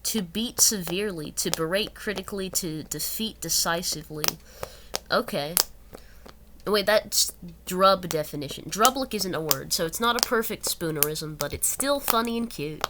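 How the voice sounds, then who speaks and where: A woman's voice: lowish voice, expressive, normal speed. A young woman reading an article aloud and breaking off into rambling, self-correcting asides. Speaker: channel host. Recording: loud background noise.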